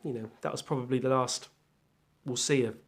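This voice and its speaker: A man's voice: medium pitch, steady tone, brisk. A man hosting his own music channel, giving a casual first-impression chat about an album. He is self-deprecating and thinks aloud.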